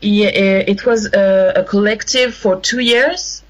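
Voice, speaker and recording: A woman with a French accent, a guest in a radio interview, speaking haltingly and searching for words in English. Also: medium pitch, steady tone, dull audio. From France. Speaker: guest, activist.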